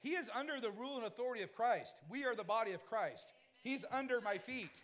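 Man, pastor, sermon, very high voice, emphatic, repeats himself, rhetorical questions, casual asides. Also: quick pace, a bit bright, dull audio.

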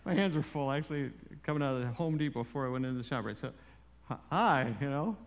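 A man preaching a sermon as pastor, telling stories in an animated way with frequent asides. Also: mid-range voice, rapid-fire, clean tone, muffled recording. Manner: animated storytelling with frequent "you know" asides. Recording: long reverb in a large hall.

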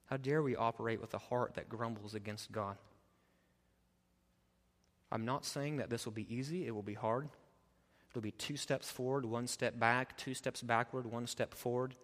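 A man preaching a sermon as pastor, passionate, swinging from loud emphatic stretches to quiet, low appeals. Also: steady tone, moderate pace, long pauses, in a large hall. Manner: impassioned, rising to loud emphatic preaching then dropping low.

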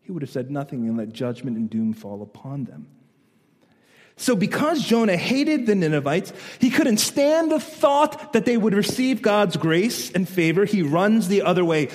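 A male pastor preaching a sermon, animated and storytelling, asking his listeners questions, in a church hall. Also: high-pitched, moderate pace. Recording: long echo of a large hall.

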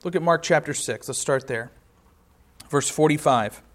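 A man's voice: a little high, normal speed. A man preaching a sermon, reading scripture aloud and explaining it with rhetorical questions.

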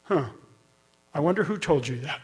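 A man's voice: on the high side, expressive, moderate pace. A middle-aged man preaching a sermon, telling a story in a conversational way and building to emphatic peaks. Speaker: pastor.

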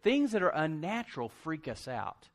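A man preaching a sermon at an ordinary middle pitch, in a loose conversational style. He jumps into asides and humor and often restarts his sentences, keeping the storytelling animated. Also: normal speed. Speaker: pastor.

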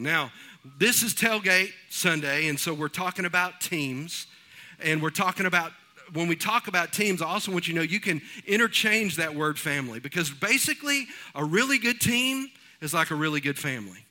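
A man preaching from the pulpit. His voice is high and very bright, with a ringing edge. He tells homespun stories in a folksy, animated way. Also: normal speed. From East Texas. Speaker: pastor. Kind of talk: sermon.

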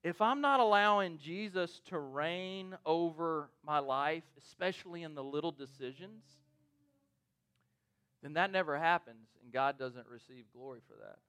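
Animated, bright-voiced male preacher. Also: fairly high pitch, measured pace, clear, resonant tone. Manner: conversational, animated storytelling with frequent "right?". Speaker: pastor. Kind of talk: sermon.

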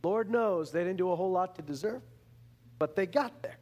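A man preaching a sermon in an animated way, repeating words and restarting phrases as he acts out the people he talks about. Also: moderate pace. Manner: animated, acts out the complaining Israelites in a higher voice.

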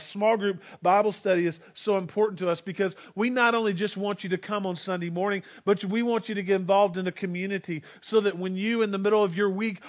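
A pastor in his forties delivers a sermon in a high-pitched voice. He is earnest and exhorting, guiding the congregation to echo his lines back to him.

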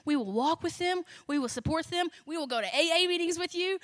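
A woman speaks in a bright, lively tone, sharing a conversational devotional message. She repeats key phrases for emphasis and drops in casual, self-deprecating asides. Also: very high voice, a little fast, few pauses, no room sound.

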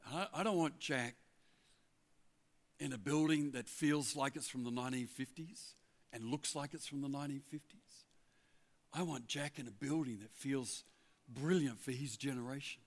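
Older man, former pastor, animated sermon storytelling into a stage mic. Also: medium pitch, normal speed. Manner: animated, chatty storyteller with asides. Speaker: guest preacher, former pastor of the church. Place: church hall before a congregation.

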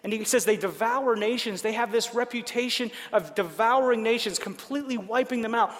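A man with a notably high voice preaching a sermon, talking casually and checking in with his listeners as he goes. His voice rings out with a long reverb tail, as if in a big room. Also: a little fast. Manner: conversational, checks in with listeners by asking "right?". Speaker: pastor.

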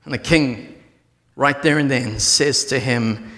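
A man preaching a sermon, retelling a story with animated voices for the characters. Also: medium pitch, slow, big-room sound.

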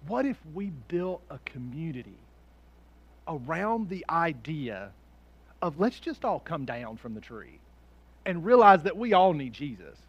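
A high-voiced male pastor preaching a sermon. He is animated and jumps between hushed, intimate asides and loud, rising climaxes. He laughs often and acts out the people in his story. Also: measured pace, husky, dull audio.

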